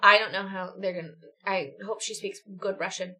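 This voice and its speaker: Bright, giggly woman reading on stream. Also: mid-range voice, fairly even intonation, moderate pace. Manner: chatty, giggly asides. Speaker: livestream reader. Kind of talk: reading a choose-your-own-adventure book on stream.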